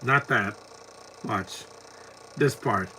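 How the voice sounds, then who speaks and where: Man, live movie commentary, casual, mocking, bright forceful voice, faint background noise. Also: fairly low pitch, extremely slow. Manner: mocking, laughs often at scenes.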